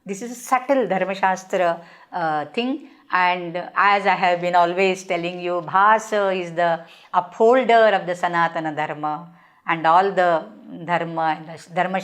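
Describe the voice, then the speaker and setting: An older woman with an Indian accent, a Sanskrit professor giving a lecture, reciting verses and explaining them in English with frequent fillers. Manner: acts out characters' lines with rising pitch.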